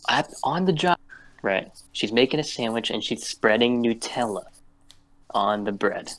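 A man's voice: mid-range voice, expressive, a little slow, a bit bright, low-quality recording. Rambling, profane man telling a story. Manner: profane, rambling storytelling with many "right?" tags. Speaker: podcast co-host. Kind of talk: casual chat.

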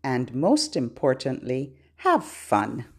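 A woman hosting a baby podcast, leading rhymes and songs in a gentle, playful, sing-songy way. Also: a bass voice, wildly swooping pitch, slow, slightly rough.

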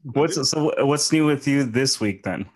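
A man in his thirties hosting a casual podcast chat, halting and often restarting. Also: mid-range voice, animated, husky. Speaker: podcast host.

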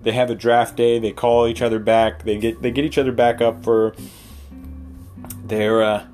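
Rambling man podcasting over soft guitar. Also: mid-range voice, flat delivery, normal speed. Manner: rambling, chuckling, self-interrupting. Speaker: podcast host. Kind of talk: casual solo podcast storytelling.

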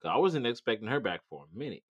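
A man co-host steering a relaxed, casual group chat about wrestling. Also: mid-range voice, quick pace, husky, no room sound, highs cut off.

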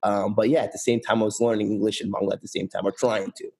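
Easygoing young man, lowish voice. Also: fast talker, gravelly. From rural East Tennessee, USA. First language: Bengali. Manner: relaxed, hesitant, many fillers and restarts. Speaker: interview guest. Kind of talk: casual conversational interview.

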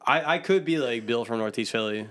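A man's voice: mid-range voice, brisk, fairly bright tone, lightly acted. A man hamming up a brash Philly bro, all dude and bro. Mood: pumped up. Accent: thick Philadelphia. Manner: heavy slang, calls everyone dude and bro. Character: brash young Northeast Philly guy, loud and hyped.

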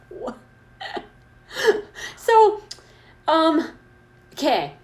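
A woman co-hosting a casual comedy podcast, reading a story aloud and laughing often. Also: medium pitch. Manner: giggly, animated, laughs often. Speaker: podcast co-host.

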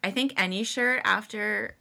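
A woman's voice: mid-range voice, normal speed, creaky, sharp tone. A young woman co-hosting a podcast, joking around in playful, chatty conversation. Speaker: podcast co-host. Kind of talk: casual chat.

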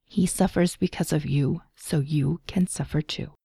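A stiff, formal alien interrogator, chilling and inhuman in its calm, read by a woman. The voice sits low and gravelly. The tone is dark, the sound dry and close. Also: measured pace, no echo, full character voice. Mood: cold.

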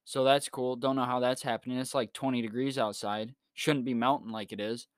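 A man's voice: mid-range voice, level tone, brisk, no echo, clean studio sound. A young man hosting a casual solo podcast, rambling through everyday stories in a laid-back way and chuckling as he goes. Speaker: podcast host.

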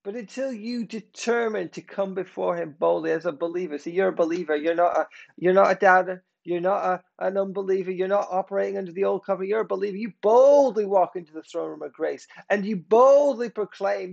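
A man preaching a sermon, emphatic, swinging between loud declarations and hushed, slowed passages. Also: high voice, gravelly, muffled recording.

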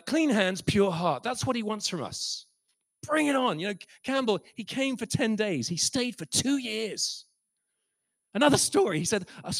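A man preaching a sermon, telling stories with passion and swinging from soft to loud. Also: high voice, dry recording. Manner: impassioned, swings from soft to loud, acts out quoted voices. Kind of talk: sermon storytelling.

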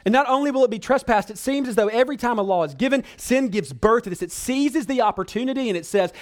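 Speaking quickly and barely pausing, a male pastor earnestly calls his congregation brothers and sisters. His sermon swings from loud pleading down to hushed, low stretches.

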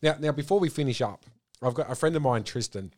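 A man hosting a podcast, easygoing and affirming, talking in a halting casual way. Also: medium pitch, animated, a little mellow. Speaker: podcast host.

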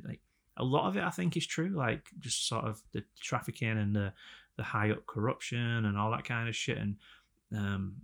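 A young man co-hosting a podcast, rambling in a sweary, animated casual chat. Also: lowish voice, moderate pace, vocal fry. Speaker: podcast co-host.

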